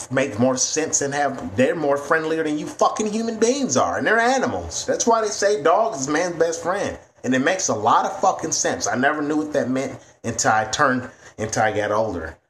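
A man's voice: mid-range voice, fairly bright tone, a little hiss or hum. A man ranting to camera in a vlog, blunt and heavy on profanity. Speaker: vlogger.

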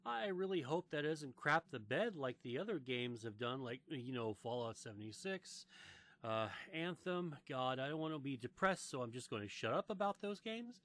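A man from the United States hosts a loose gaming podcast. His pitch sits in the middle of the usual male range, and his talk is rambling and profane, full of restarts and "uh"s. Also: lively intonation, normal speed, a bit bright. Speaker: podcast host. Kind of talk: casual gaming podcast chat.

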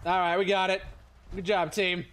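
A man's voice: high-pitched, little pitch movement, a bit bright, slight background noise. A man giving casual gameplay commentary, joking and swearing as he plays. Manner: joking, swearing, quick to laugh.

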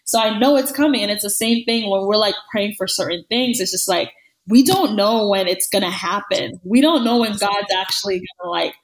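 A woman's voice: medium pitch, moderate pace, low-quality recording. Woman podcast co-host, casual and emphatic, mid-range voice, repeats lines for stress. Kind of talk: casual chat.

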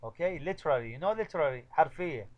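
A middle-aged man lectures a translation class in a slightly high voice. He says example sentences slowly and more than once, then breaks each one down. His is Arabic. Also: animated, dull audio, a crowd in the background. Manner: repeats model sentences slowly, switches between English and Arabic. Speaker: university translation teacher.

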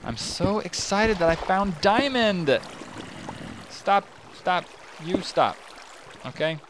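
Excitable man chatting over gameplay. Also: high voice, slow pace, background noise. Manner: chatty, excitable, talks to himself while playing. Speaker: gaming channel host. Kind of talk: casual gameplay commentary.

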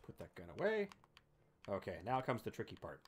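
A man's voice: on the low side, huge pitch swings, fairly quick, a little hiss or hum. A man hosting a let's play, giving casual commentary in a playful, bragging way with some swearing.

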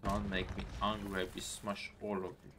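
A man giving excitable live gameplay commentary in broken English, taunting the enemies he fights. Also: lowish voice, moderate pace, slight background noise. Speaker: gameplay streamer. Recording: game music playing underneath. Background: game music.

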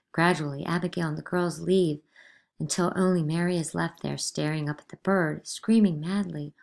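A woman reading the stage directions of a play aloud in a measured, expressive way. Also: on the low side, vocal fry. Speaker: reader.

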